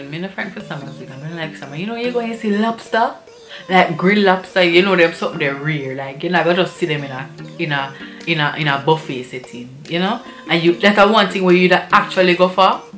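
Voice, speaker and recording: A woman with a Jamaican accent, vlogging an animated, indignant storytime review in patois. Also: lowish voice, echoey room.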